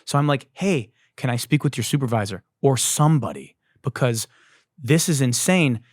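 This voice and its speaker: Man, comedic rant, swearing, lively swooping pitch, dry close sound. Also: normal speed, no echo. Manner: profane, exasperated, animated ranting with shouted outbursts. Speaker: podcast host.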